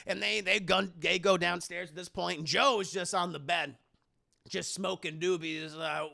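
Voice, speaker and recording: A man retelling a film to his chat in a profane, animated casual stream commentary. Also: high-pitched, a little fast, vocal fry.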